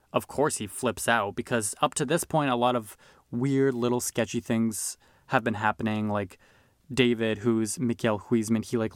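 This film podcast host speaks in a fairly low voice, chatting casually and enthusiastically about movies he's reviewing, with plenty of filler words. The recording is dry and of studio quality.

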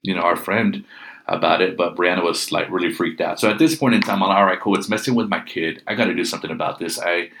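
Middle-aged man, very low voice, casual storyteller, animated quotes. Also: quick pace, slight background noise. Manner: animated, acts out quoted speech. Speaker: guest telling a personal ghost story.

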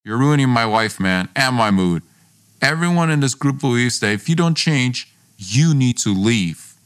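A man's voice: medium pitch, expressive, normal speed, a bit bright, clear, resonant tone, lightly acted. A man reading the lines of a hot-tempered, domineering young man in a story podcast, blunt, scornful and swearing. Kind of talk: read dialogue in a story podcast.

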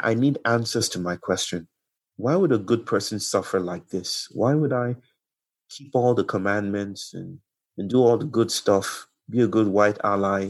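A man speaking as a podcast guest, telling a story in slow, poetic, meditative phrasing. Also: fairly low pitch. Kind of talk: reflective conversational storytelling.

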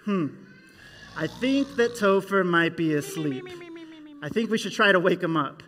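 Bright, high-voiced man telling children a Bible story. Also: measured pace, a little hiss or hum. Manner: animated, leads kids in call-and-response. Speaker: children's minister. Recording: echoey hall.

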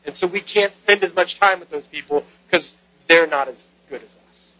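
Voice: mid-range voice, normal speed, sharp tone, no room sound, rough recording. A pastor giving a sermon in a conversational way, retelling a story with rhetorical questions.

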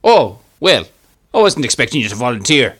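Guy doing a loud pirate captain singing, goes kinda irish, big guitar under it. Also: mid-range voice, sing-song, fairly quick, voice pushed up, natural voice. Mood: rowdy. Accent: put-on pirate voice drifting Irish. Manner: sung, boisterous, shouting to the crew. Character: rowdy male pirate captain. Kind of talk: comic song.

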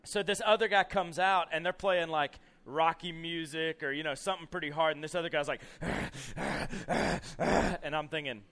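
A young man with a drawl preaches to a camp crowd through a long, playful story. His voice sits a little high and rings bright and forward, and he keeps acting out the scenes between casual "you know"s. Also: steady tone, a little fast, hardly any pauses. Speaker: camp speaker. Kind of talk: storytelling sermon to youth.

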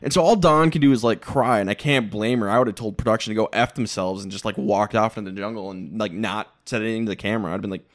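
A man's voice: fairly low pitch, quick pace, few pauses. A man co-hosting a casual podcast, recapping a reality show with blunt, opinionated asides. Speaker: podcast co-host.

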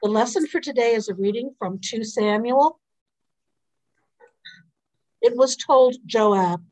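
A woman reading psalms and a scripture lesson aloud in a morning prayer service, in a measured, even way. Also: fairly high pitch, low-quality recording. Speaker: scripture reader. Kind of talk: liturgical responsive reading.

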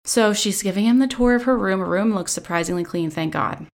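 A woman's voice: mid-range voice, fairly quick. A young woman giving a casual, profane recap of a reality show, chatty and sarcastic with lots of filler words, recorded on a phone. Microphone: phone selfie camera.

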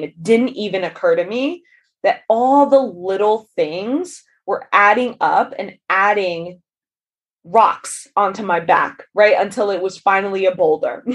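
A woman hosting her own business-coaching podcast, talking candidly and casually, tagging lines with "right?" and laughing easily at herself. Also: mid-range voice. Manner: candid and conversational, often adds "right?" and "like". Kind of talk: solo podcast monologue.

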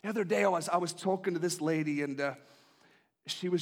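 A man preaching a sermon, impassioned and pleading, who moves from hushed tones to shouting and repeats his appeals. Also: sits high, a little fast.

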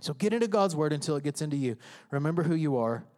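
A man with a high, bright voice preaches from the stage, his words ringing through a reverberant sanctuary. He talks emphatically and conversationally, slipping into the voices and prayers of his congregation. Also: animated, fast talker. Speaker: pastor. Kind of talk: sermon. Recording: reverberant hall.

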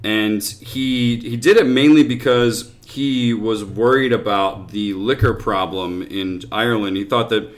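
A man's voice: lowish voice, unhurried, hardly any pauses. A man co-hosting a podcast, talking in a jokey, casual way and laughing often. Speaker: podcast co-host. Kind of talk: casual chat.

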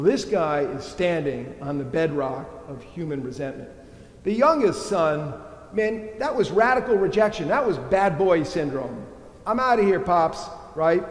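A man preaching a sermon in a church, emphatic and animated, asking the congregation rhetorical questions. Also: a little high. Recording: echoey church hall.

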